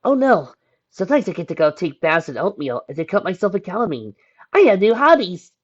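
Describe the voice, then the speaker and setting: A man putting on a bedridden teenage girl from a read-aloud fan fiction, her voice pushed high and lively, sliding around as she snarks. The sound is a dull, lo-fi home recording. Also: moderate pace, no echo. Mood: sarcastic. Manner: high, snappy and sarcastic. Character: sick, sarcastic teenage girl stuck in bed.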